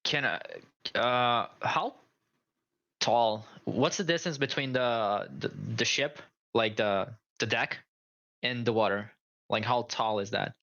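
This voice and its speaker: A man's voice: mid-range voice, slow pace, bright, forceful tone. A man playing a tabletop game, asking hesitant questions and stammering through his plans. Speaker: player. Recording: dull lo-fi mic.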